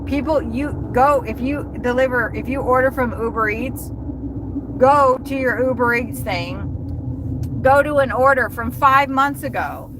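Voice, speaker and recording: A woman's voice: high-pitched, unhurried, background noise. A woman delivery driver ranting angrily on a livestream from her car, swearing constantly. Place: inside a car while driving.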